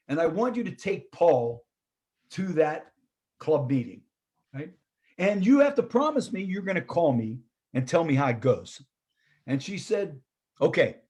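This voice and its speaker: An older man with a husky, fairly high voice tells a story to his audience. He acts out the quoted dialogue with animated energy and keeps a relaxed, chatty flow. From Pittsburgh, US. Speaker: presenter. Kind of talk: storytelling talk.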